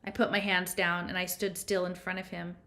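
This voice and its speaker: A woman reads a first-person novel aloud, conversational and a little unpolished, with small slips. Her voice sits slightly low. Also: level tone, a little fast, bright, forceful tone. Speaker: audiobook reader.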